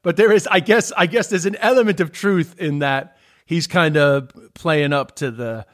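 A middle-aged man from Queens with a thick New York accent, talking in a slightly raised register. He tells stories with animated, sweary energy, stumbling and restarting as he goes. Casual, unscripted chat. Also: fairly high pitch, normal speed. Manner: animated storytelling, swears freely, restarts often.

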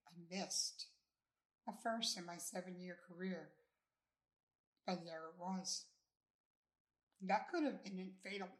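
A woman reading her own novel aloud in the first person, a relaxed and inviting storyteller. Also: medium pitch.

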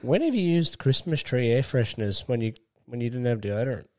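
A man, chatting as a podcast co-host. He tells stories in a crude, rambling way, with laughs breaking in. His pitch sits in the middle. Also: expressive, a little fast, a little mellow. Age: late 20s. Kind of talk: casual storytelling chat.

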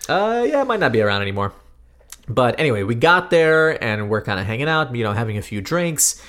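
Animated storytelling man in his thirties. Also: medium pitch, fairly quick. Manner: animated, self-deprecating storyteller with laughs. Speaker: podcast co-host. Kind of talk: casual storytelling chat.

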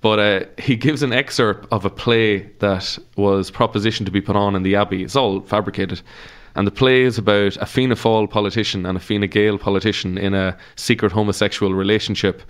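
A man's voice: lowish voice, steady tone, a little fast, hardly any pauses, clean tone. A man with an Irish accent, a comedian guest chatting casually on a podcast and telling stories with laughs and swearing. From Ireland.

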